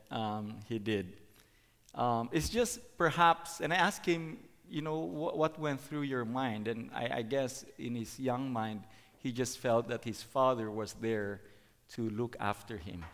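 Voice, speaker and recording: A middle-aged man giving a sermon as a preacher, halting, with many fillers and restarts. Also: medium pitch. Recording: long hall reverb.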